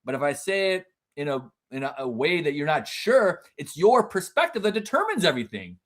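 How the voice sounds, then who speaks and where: Man, higher voice, very animated intonation, earnest podcast guest, casual chat. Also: fairly quick. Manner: earnest and reflective, with expressive emphasis. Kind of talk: casual conversational interview.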